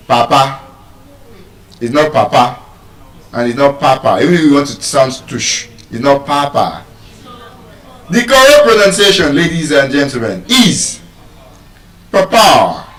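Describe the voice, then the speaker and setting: Male teacher, animated classroom drilling, roomy distant sound. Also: a little high. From Nigeria. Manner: animated and repetitive, drilling words aloud. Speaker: English pronunciation teacher. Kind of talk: classroom lesson. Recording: echoey room, voice from far off.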